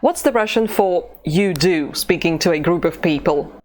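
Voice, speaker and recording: A woman teaching an online language lesson, pronouncing drill phrases slowly and deliberately. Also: fairly low pitch, a little mellow. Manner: slow, deliberate drill pronunciation.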